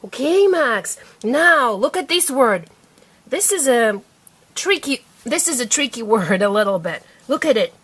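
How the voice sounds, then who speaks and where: A woman with a high voice gives a reading lesson at home. She is patient and coaxing, and she stretches each letter sound slowly so a small child can copy it. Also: big pitch swings, fairly bright tone, slightly rough. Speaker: parent teaching her child to read.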